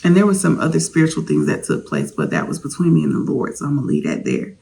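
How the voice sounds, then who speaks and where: A woman's voice: low-pitched, huge pitch swings, fast, vocal fry, mellow. A woman vlogger candidly telling a personal story, confiding straight to her viewers.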